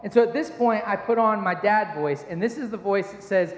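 A man in his thirties preaches a sermon in a relaxed, self-deprecating manner, weaving in everyday anecdotes. His voice sits noticeably high for a man. The sound carries the long, echoing reverb of a large church hall. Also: a little fast, hardly any pauses. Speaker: pastor. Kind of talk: sermon with personal storytelling.

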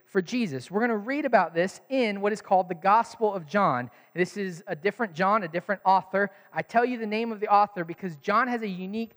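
A man's voice: high voice, a little fast, hardly any pauses, long reverb tail. A man preaching a sermon as pastor, telling stories and acting out quotes. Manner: animated storytelling, acts out quotes.

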